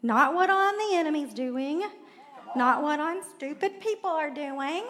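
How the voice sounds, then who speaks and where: A woman's voice: sits high, animated, unhurried, heavy background noise. A woman preaching a sermon in a church, talking in a chatty way with laughing asides and questions to the congregation. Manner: conversational, laughing asides, audience prompts. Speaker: pastor's wife preaching. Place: church sanctuary. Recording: long hall reverb.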